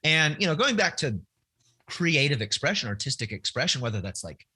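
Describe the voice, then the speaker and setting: A man's voice: on the high side, big pitch swings, brisk, bright, forceful tone, husky. A middle-aged man, a guest author, talking candidly and reflectively in a podcast conversation, often restarting his sentences. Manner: candid, searching, frequent restarts.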